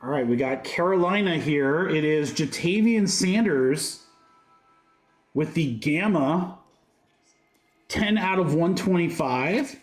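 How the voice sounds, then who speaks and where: A high-voiced man gives live card-break commentary in an upbeat, joking patter. His voice rings in a roomy, echoing space. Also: lively intonation, takes it slowly, pauses often, faint music behind. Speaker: host of a card-break livestream. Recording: roomy echo.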